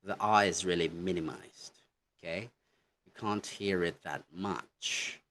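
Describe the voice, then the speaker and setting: Male teacher, very low voice, unhurried delivery, constant "okay" check-ins. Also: steady tone, a bit bright, slight background noise. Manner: slow, repetitive, says "okay" constantly while demonstrating words. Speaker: English teacher. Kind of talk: online pronunciation lesson.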